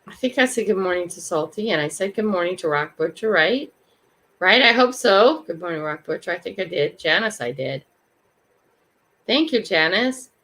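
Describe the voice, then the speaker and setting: A woman's voice: fairly low pitch, lively intonation, normal speed, a bit bright. An older woman hosting a morning livestream, greeting viewers by name and musing aloud in a casual, reflective way. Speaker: livestream host. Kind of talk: casual live chat.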